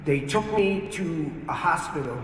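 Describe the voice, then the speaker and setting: A man's voice: a little high, expressive, unhurried, slight background noise. A man, from New York, earnestly telling his life story as a testimony and acting out his own past words. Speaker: speaker giving a testimony. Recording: echoey hall, distant mic, archive.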